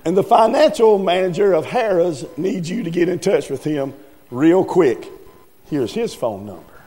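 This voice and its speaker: Casting: a slow, teasing preacher, played by a man, somewhat high voice, echoey hall. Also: animated, mellow. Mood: shrewd. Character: calm, shrewd older male small-town preacher. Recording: echoey hall, faint music.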